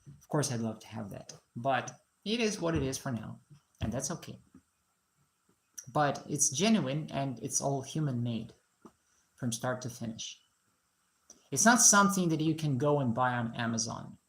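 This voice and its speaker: A woman's voice: extremely low pitch, animated, normal speed, long pauses. A woman from Moscow with no foreign accent, chatting and joking with viewers during a casual live stream from her garage. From Russia (Moscow). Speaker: live-stream host, musician and painter.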